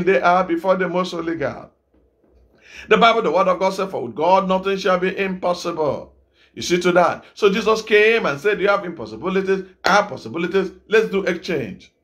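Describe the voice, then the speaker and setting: A middle-aged Nigerian evangelist preaching a sermon, repeating phrases and asking the congregation rhetorical questions. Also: male voice, sits high, fairly bright tone. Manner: repetitive exhortation, rhetorical questions.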